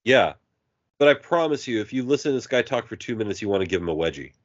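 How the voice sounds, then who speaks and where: Animated storytelling podcast man. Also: fairly low pitch, fast talker, muffled recording. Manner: animated, acts out quoted voices. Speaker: podcast co-host. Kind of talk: casual storytelling chat.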